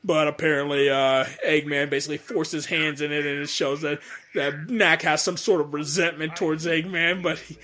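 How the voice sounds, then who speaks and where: A man's voice: fairly high pitch, little pitch movement, moderate pace, bright, forceful tone. A man giving casual audio commentary on his own fan dub. He rambles, stammers over repeated words and laughs often between remarks.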